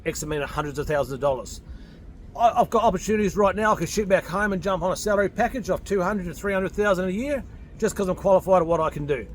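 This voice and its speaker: A man's voice: high-pitched, a little hiss or hum. An Australian man in his forties giving a blunt, combative vlog rant to camera from his home in Thailand, swearing freely and speaking off the cuff. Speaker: vlogger.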